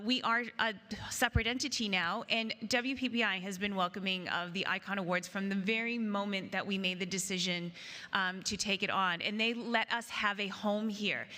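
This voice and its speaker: A woman emcee announcing to a crowd in a large convention hall, her voice bright and forward. She talks in a loose, chatty way. A long reverb trails each phrase. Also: medium pitch, steady tone, normal speed. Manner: chatty, addresses the crowd as "guys". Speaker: event host. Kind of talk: live event announcing.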